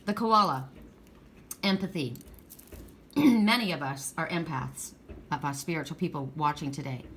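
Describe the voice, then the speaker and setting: A woman's voice: sits low, unhurried, a bit bright, slight background noise. A middle-aged woman giving a casual spiritual card reading, telling rambling stories with many restarts. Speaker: oracle card reader.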